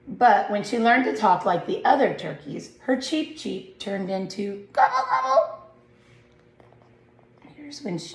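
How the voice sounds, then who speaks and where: A woman reads a picture book aloud at an unhurried, slow pace, gently pausing to ask her young listeners questions. Her voice carries a roomy echo, pitched in a middle range. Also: gravelly. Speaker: read-aloud narrator. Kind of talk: reading a picture book to children.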